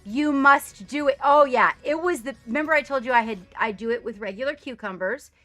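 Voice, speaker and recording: A woman live-streaming from her home studio, chatting casually with viewers, bubbly and quick to laugh at herself. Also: high-pitched, bright, forceful tone, dry recording, soft background music.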